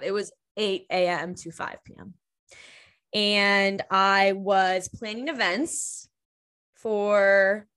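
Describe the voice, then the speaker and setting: A young woman hosting her own podcast, talking off the cuff at a slow, drawn-out pace. Her voice sits at a middle pitch, and she swears freely and sounds close to tears with emotion. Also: fairly bright tone. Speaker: podcast host. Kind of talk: unscripted casual podcast talk.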